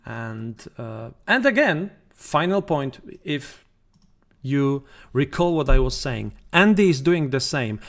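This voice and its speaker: Slow-talking man giving trading advice. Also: mid-range voice. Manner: conversational, frequent fillers and restarts, repeats points. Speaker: football trading channel host. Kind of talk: casual talk to camera.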